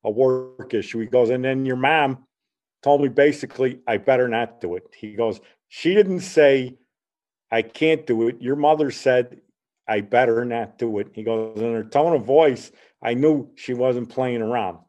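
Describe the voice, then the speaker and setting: A man's voice: mid-range voice, a little slow, a little mellow. A man in his sixties hosting a podcast, telling long, rambling anecdotes in casual chat and retelling conversations with "he goes". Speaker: podcast host.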